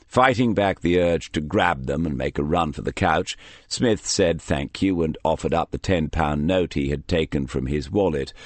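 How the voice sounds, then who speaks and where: A man reading a crime novel aloud in measured, dry storytelling narration. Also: rumbling low, no room sound. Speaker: audiobook narrator. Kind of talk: scripted narration.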